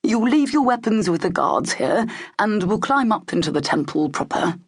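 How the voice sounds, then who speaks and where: A woman doing a brisk, formal male ambassador. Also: medium pitch, very animated, husky, pitched above the performer's own voice. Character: impatient male ambassador, relieved diplomat.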